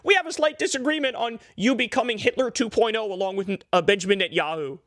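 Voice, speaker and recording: A man's voice: sits high, fast, fairly bright tone, no room sound, studio quality, voice pushed up. A man voicing a groveling, fawning grown man who pleads with his boss in a mocking, simpering tone. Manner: simpering and sarcastic mockery.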